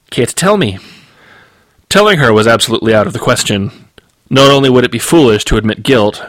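A man, the author, reading his novel aloud in steady, measured audiobook narration. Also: lowish voice, dry recording.

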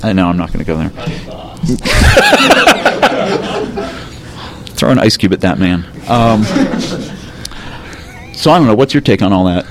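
Halting, wry man hosting a podcast. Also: lowish voice, huge pitch swings, very noisy. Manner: halting, stammering restarts, wry. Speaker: podcast host. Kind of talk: casual chat.

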